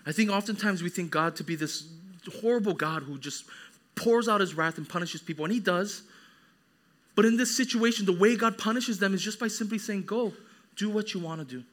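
A young man preaching a sermon as a pastor, animated, acting out quoted voices. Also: high voice, a little fast.

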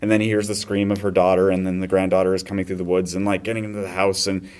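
Male podcast host, slightly low voice, lively storyteller who slips into character voices. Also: very fast, clean tone. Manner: animated storyteller acting out scenes in voices. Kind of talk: casual movie discussion.

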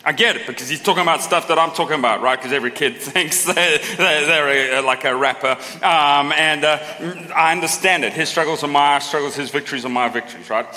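A man's voice: on the high side, a little fast, hardly any pauses, sharp tone. A middle-aged male pastor giving a sermon in a chatty, joking way, often tagging his points with a questioning "right?". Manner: conversational preaching, tags lines with a questioning "right?"; self-deprecating humour, asides to the congregation. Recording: long hall reverb.

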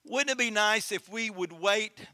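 Brief: male pastor, bright, high voice, earnest sermon delivery with folksy storytelling. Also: a little slow, clear, resonant tone, dry recording. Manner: earnest, repeats phrases, tells folksy stories. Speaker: lead pastor.

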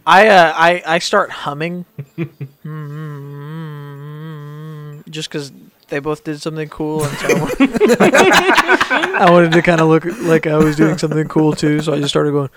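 A man's voice: on the high side, sing-song, normal speed, fairly bright tone. A man playing in a tabletop game, explaining in a rambling, giggly way. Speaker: player. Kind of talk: casual chat at a game table.

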